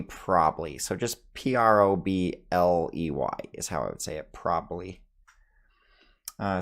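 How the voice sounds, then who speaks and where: A man in a casual accent tag video, playfully thinking aloud about how he says each word, recorded in a small home studio. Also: on the low side. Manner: playful, musing aloud over his own pronunciations. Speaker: vlogger.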